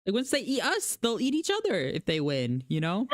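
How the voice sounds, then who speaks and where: A woman co-hosting a podcast, talking in an animated, casual way, swearing freely and filling her speech with "like". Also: mid-range voice, a little fast, dry recording, clean studio sound. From United States. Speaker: podcast co-host. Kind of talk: casual chat.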